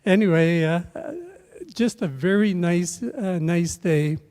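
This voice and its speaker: Older man, memorial anecdote, halting delivery, dark tone, long hall reverb. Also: sits high, clean tone. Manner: halting, many filler pauses and restarts. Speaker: speaker sharing a memory at a memorial. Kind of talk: rambling personal anecdote. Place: event room at a memorial service.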